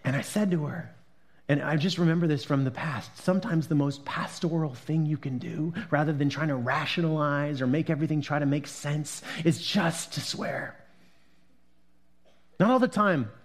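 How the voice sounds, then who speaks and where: A man preaching a sermon in a conversational way, rising to loud emphatic peaks and dropping to quiet, hushed passages as he reads scripture. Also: fairly high pitch, normal speed. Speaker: pastor.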